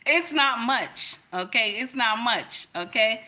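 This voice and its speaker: A woman's voice: fairly high pitch, expressive, slow, sharp tone. A woman hosting a reaction video, giving casual commentary in an emphatic, preachy way that repeats phrases for effect.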